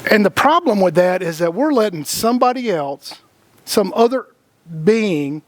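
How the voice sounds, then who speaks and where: A man's voice: sits high, animated, normal speed, no echo. A man co-hosting a casual spiritual chat, rambling, repeating words, laughing often and acting out the voices of people he quotes. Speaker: podcast co-host.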